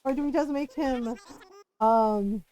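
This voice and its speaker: A woman's voice: fairly high pitch, takes it slowly, dark tone, a little hiss or hum. A woman streamer chatting casually while playing a video game, telling stories animatedly and swearing freely.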